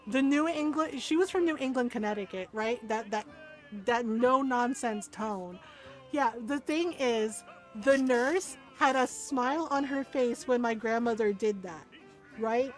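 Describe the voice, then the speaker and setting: Animated woman telling stories on a stream. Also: fairly high pitch, measured pace, faint music behind, low-quality recording. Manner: animated, laughs often, keeps asking "right?". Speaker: game streamer. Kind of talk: casual storytelling chat.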